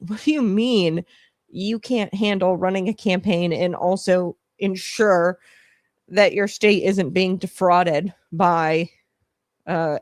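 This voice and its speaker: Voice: mid-range voice, no room sound, studio quality. Rambling, scornful commentary host. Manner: rambling and scornful, full of fillers and asides. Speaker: host of a political commentary show. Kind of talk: casual political commentary.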